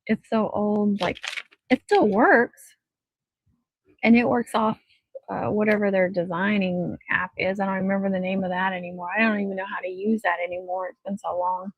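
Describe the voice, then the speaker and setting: A woman's voice: mid-range voice, steady tone, moderate pace, narrow, tinny audio, slight background noise. Chatty woman streaming crafts at home. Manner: rambling, chatty, talks to her dog. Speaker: craft livestream host. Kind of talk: casual chat on a livestream.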